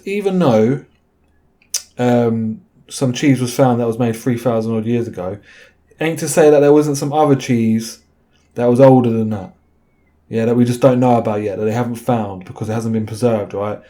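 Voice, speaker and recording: A man's voice: mid-range voice, moderate pace, dark tone. A man hosting a video, talking in a loose, rambling way, often tacking on "right?" and filling gaps with fillers. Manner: chatty, tag questions like "right?", many fillers. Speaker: video host. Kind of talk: rambling casual monologue.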